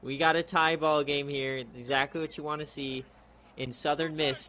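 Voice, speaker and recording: A young man giving laid-back play-by-play commentary on a streamed video game, chatty and prone to excited outbursts. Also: fairly high pitch, moderate pace, a little hiss or hum. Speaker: league streamer.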